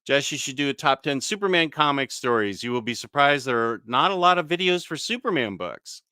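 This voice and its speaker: A man's voice: mid-range voice, expressive, brisk, pushed and bright, clear, resonant tone, dry recording, studio quality. A man hosting a casual live stream, chatting easily and answering viewer comments, with frequent fillers and small self-corrections.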